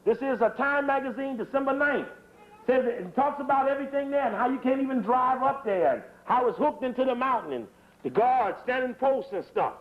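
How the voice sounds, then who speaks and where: Man, high-pitched voice, fiery rushed lecture, blunt and profane, muffled lo-fi tape. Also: lively intonation. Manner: hurried, emphatic, profane, repeats phrases. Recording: dull lo-fi tape recording.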